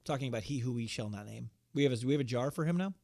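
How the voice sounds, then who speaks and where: A man's voice: medium pitch, expressive, rapid-fire, gravelly, darkish tone. Man joking through a wrestling recap. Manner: joking, quotes wrestlers in put-on lines. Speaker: podcast co-host. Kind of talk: casual chat.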